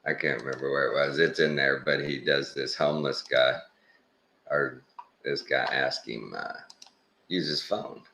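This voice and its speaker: A man's voice: very deep voice, steady tone, a little slow, gravelly, sharp tone, roomy sound, a little hiss or hum. A Texan man casually rambling through a reaction video, searching aloud and retelling clips. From Texas. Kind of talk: casual commentary while watching clips.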